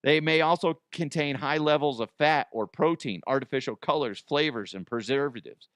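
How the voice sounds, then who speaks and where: A man's voice: on the high side, normal speed, dry recording, studio quality. An American man hosting a comedy news show, giving a crude, profane, self-mocking monologue. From United States.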